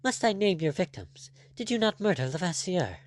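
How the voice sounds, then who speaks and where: Brief: indignant young lady with a raised, lively voice, put on by a male reader. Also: high voice, normal speed, voice pushed up. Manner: clipped, indignant, formal. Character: proud young gentlewoman, indignant.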